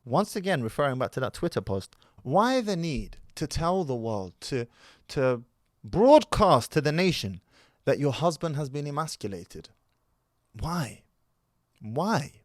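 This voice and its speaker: An online commentator with a fairly high, very animated voice delivers opinionated commentary at an unhurried pace, lecturing emphatically and posing rhetorical questions. Arabic words turn up here and there in his speech, and the recording is dry and studio quality.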